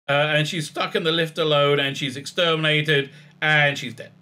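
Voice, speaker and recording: A man's voice: on the high side, fairly even intonation, normal speed, sharp tone. A man recapping and reviewing a TV episode in a sarcastic, rambling way, full of fillers and restarts. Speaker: TV reviewer, channel host.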